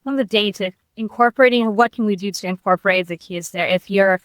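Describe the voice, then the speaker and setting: A woman guest on a podcast, calmly explaining ideas for couples' dates in a measured way. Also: medium pitch, dry recording. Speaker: guest, couples' date coach. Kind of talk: explaining in an interview.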